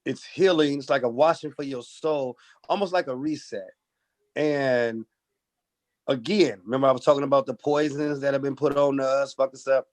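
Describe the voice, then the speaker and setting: A male comedian from Oakland, telling stories in an animated, profane way during a casual podcast interview. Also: medium pitch, moderate pace. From Oakland, California. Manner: animated storytelling, acts out voices, profane. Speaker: comedian guest.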